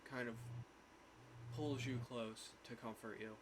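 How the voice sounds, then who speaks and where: A man running a tabletop game as game master, narrating in a relaxed way with many fillers. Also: medium pitch, measured pace. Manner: apologetic, easygoing narration with fillers. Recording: loud background noise.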